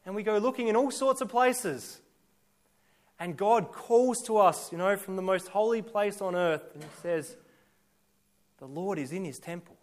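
A man's voice: sits high, moderate pace, a little mellow. A male pastor preaching a sermon, emphatic, building his points through repeated lists and rhetorical questions.

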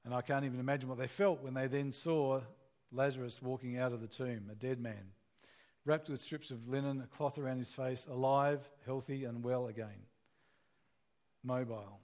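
A man's voice: mid-range voice, steady tone, normal speed, darkish tone. A man preaching a sermon in an earnest, conversational way, asking the listeners questions as he retells a scripture story.

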